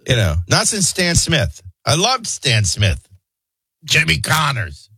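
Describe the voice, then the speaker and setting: Male talk radio host, husky and stuffed up, lively rambling delivery, dry close mic. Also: on the high side, slow pace, no room sound. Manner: rambling, wry and conversational. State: stuffy and congested. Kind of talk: casual talk radio chat.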